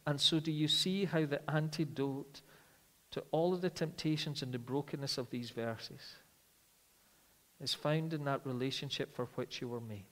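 Male preacher, earnest sermon delivery that drops to quiet, slow emphasis; long hall reverb. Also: fairly high pitch, fairly even intonation. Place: church.

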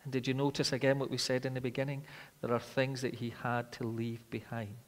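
A man preaching a sermon with dramatic rhetorical questions, rising loud and falling quiet. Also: medium pitch, monotone, brisk. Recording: long hall reverb.

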